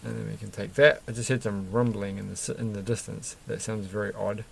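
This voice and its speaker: A man's voice: fairly low pitch, steady tone, fairly quick, vocal fry, a little hiss or hum. A man chatting casually and rambling while he builds a toy set, chuckling often and breaking off mid-sentence. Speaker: vlogger building Lego sets.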